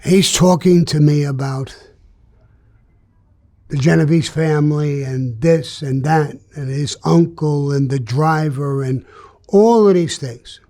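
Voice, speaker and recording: Older New man, gravelly dark voice, blunt storyteller in an interview. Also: fairly high pitch, slow. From New York. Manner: blunt, streetwise storytelling that acts out the dialogue.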